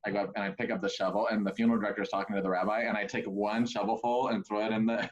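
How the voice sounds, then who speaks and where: A man telling funny stories in a casual chat, animated and jokey. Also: on the low side, racing, muffled recording. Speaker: pastor, podcast co-host.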